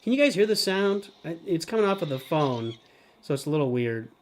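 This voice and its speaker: Middle-aged male streamer, slightly high voice, chatty play-by-play, sudden excited yells. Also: fairly quick, a little hiss or hum. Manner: talks about himself in third person, excitable outbursts. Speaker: streamer host. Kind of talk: live gameplay commentary.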